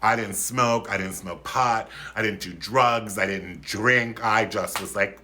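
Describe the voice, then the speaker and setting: A man's voice: animated, measured pace, sharp tone. A man in his fifties from Philadelphia, telling a comic story on a livestream in a campy, flamboyant, theatrical way. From Philadelphia, USA. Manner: campy, flamboyant and theatrical, with sudden high-pitched outbursts.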